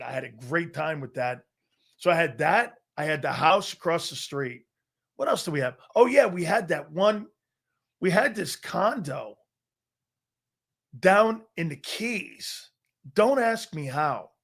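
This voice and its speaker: A man's voice: on the high side, lively intonation, a little slow, gravelly, fairly bright tone, husky. Boastful, profane middle-aged male show host. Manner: boastful, profane, laughs often. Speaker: sports talk show host. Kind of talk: casual storytelling chat.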